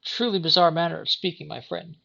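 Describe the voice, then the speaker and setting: A woman playing a calm, secretive male merchant who bargains in formal, courteous speech. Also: on the low side, fairly quick, vocal fry, muffled recording. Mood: smooth bargaining.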